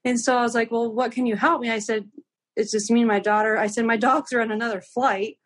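A woman's voice: a little high, quick pace. A young woman guest telling a travel story in casual chat, acting out the dialogue with lots of "like". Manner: animated, acts out quoted dialogue, many "like"s.

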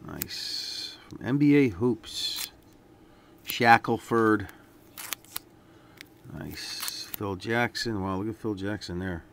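A man casually talking through a stack of sports trading cards, relaxed and rambling with lots of fillers. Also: on the low side, unhurried, slight background noise. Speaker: card collector vlogger. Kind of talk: casual unboxing commentary.

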